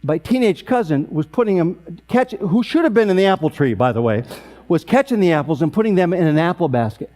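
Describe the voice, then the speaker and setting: At an awards event, the emcee, a man in his sixties with a voice that sits high, talks a little fast. He delivers a funny family story in a deadpan style with sharp comic timing.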